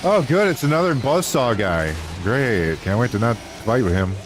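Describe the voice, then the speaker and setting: A man's voice: mid-range voice, animated, normal speed, background noise. A man streaming a game, grumbling and making sarcastic wisecracks as he plays. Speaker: gaming streamer. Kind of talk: casual gameplay commentary.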